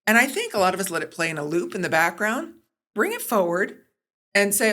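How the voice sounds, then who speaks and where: Guesting on a podcast, this middle-aged sports broadcaster and producer talks a little fast with a mid-range voice. Her tone is conversational and lively, and she performs the quoted lines in her anecdotes.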